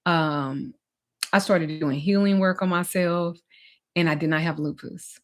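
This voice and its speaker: A woman's voice: fairly low pitch, steady tone, measured pace. A woman, a spiritual teacher and life coach, telling a personal story in a candid, emphatic, conversational way.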